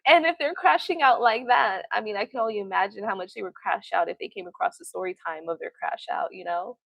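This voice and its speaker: A tarot reader hosting a livestream tells stories in a blunt, profane, casual way, often laughing. Her medium-pitched voice is fast, creaky, and a bit bright, with no echo.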